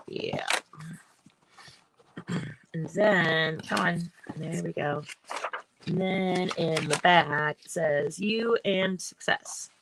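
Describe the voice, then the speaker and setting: Woman, gravelly voice, rambling, frequent throat clearing, casual craft show-and-tell. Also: fairly low pitch, a bit bright, a little hiss or hum, low-quality recording. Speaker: artist hosting a livestream.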